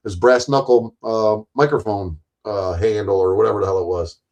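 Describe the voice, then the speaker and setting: A man casually telling a long story in a rambling, profane way, often jumping louder and higher when he acts out quoted lines. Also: normal speed, dull audio.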